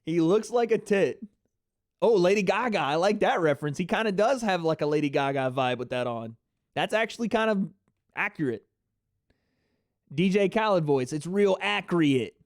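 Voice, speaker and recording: Man, livestream host, excitable fight reaction chatter, smooth resonant voice, slightly high, dry close sound. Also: brisk, no echo. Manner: excitable, chatty, talks to chat viewers. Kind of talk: live fight reaction commentary.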